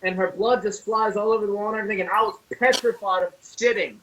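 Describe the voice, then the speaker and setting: A man on a horror podcast telling childhood stories in casual chat, animated and full of profanity. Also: high-pitched, fast talker, muffled recording. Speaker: podcast co-host. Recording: distant mic with faint noise.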